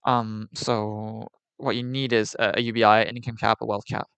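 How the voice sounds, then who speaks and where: A man's voice: fairly low pitch, little pitch movement, moderate pace, gravelly, a bit bright, smooth, dry recording. A man live-streaming in casual chat, opinionated and rambling with many fillers.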